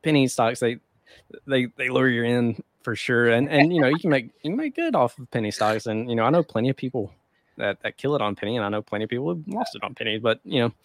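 A man's voice: medium pitch, expressive, fast. A man hosting a casual trading podcast, talking in a laid-back, rambling way with lots of fillers. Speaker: host.

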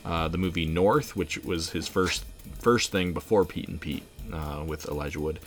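A man co-hosting a podcast in casual chat, relaxed, with many fillers and frequent laughs. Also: low-pitched, moderate pace, soft background music. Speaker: podcast co-host.

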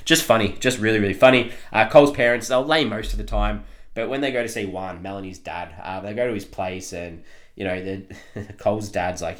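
Man, podcast co-host, casual film review, lowish voice, rambling with ums, laughs a lot. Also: a little fast.

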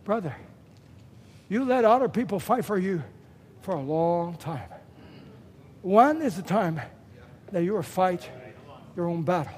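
A man preaching a sermon, emphatic and repeating phrases for stress, with sudden loud bursts. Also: sits high, lively intonation, measured pace, pauses often.

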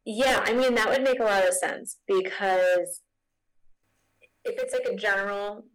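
Chatty american gal, young, co-hosting a podcast, tons of "like", mid pitch. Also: female voice, measured pace, rough recording. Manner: chatty, heavy use of "like". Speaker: podcast co-host. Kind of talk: casual chat.

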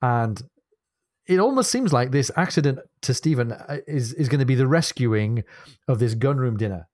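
A man's voice: mid-range voice, moderate pace, no echo, studio quality. A man co-hosting a book podcast, reading passages aloud expressively and laughing easily. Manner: animated, reads quotes expressively, laughs easily. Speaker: podcast co-host.

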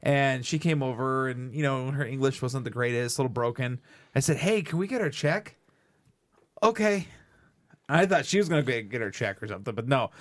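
A man co-hosting a podcast, telling animated stories in casual chat and swearing freely. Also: medium pitch, fairly quick. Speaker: podcast co-host.

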